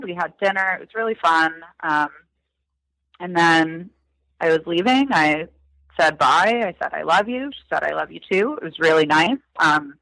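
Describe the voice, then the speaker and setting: A man in his thirties from Massachusetts, guesting on a podcast as the son of a crime victim, muses with frequent "um"s and "like"s. His slightly high voice comes across pushed and bright. There's no room sound, and the recording is rough.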